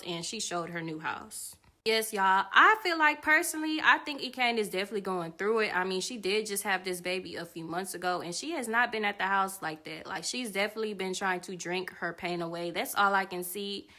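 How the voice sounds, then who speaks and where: A woman's voice: mid-range voice, pushed and bright. A woman hosting a commentary channel, talking straight to her viewers in a casual, opinionated way. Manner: conversational, opinionated, addresses viewers directly.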